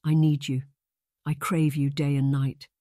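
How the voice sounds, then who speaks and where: A man's voice: a little high, flat delivery, unhurried, dark tone, no room sound, clean studio sound, close to an everyday voice. A man voicing a lovesick young marquis, earnest and pleading in formal old-fashioned speech.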